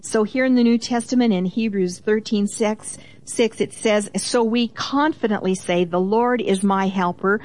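A woman's voice: medium pitch, moderate pace, few pauses, a little mellow. A woman co-hosting a Christian teaching program, reading Bible verses aloud with emphasis and explaining them in a conversational way. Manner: reads scripture aloud with emphasis, affirming interjections.

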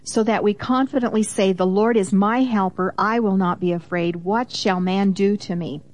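A woman of middle pitch co-hosting a Christian teaching talk. She reads Bible verses aloud with firm emphasis, then explains them in a conversational tone. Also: steady tone, normal speed, a little mellow. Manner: reads scripture aloud with emphasis, affirming interjections. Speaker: co-host of a Christian teaching program.

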